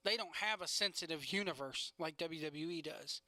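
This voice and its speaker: A man's voice: on the high side, moderate pace, pushed and bright, no room sound. A young man hosting a casual wrestling podcast, rambling through a recap with sarcastic asides and frequent laughs.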